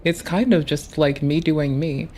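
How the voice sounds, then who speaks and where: A woman with a low voice, talking casually over a game. She is blunt and sardonic and swears a lot. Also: a little slow, warm tone, slight background noise. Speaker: gaming partner on stream. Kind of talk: casual chat while gaming.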